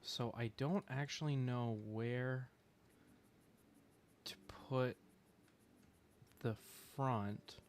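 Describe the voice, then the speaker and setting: A young man chatting casually on a game stream, rambling with fillers, clearing his throat and hiccuping now and then. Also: mid-range voice, fairly even intonation, drawn-out words, pauses often, a little hiss or hum. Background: faint music.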